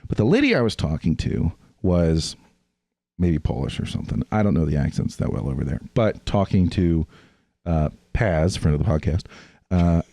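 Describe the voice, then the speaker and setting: A man's voice: low-pitched, sing-song, normal speed, vocal fry, warm tone, no echo. A man co-hosting a podcast, telling travel stories in a casual, profane way and mimicking the people he met. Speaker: podcast co-host. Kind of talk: casual chat, storytelling.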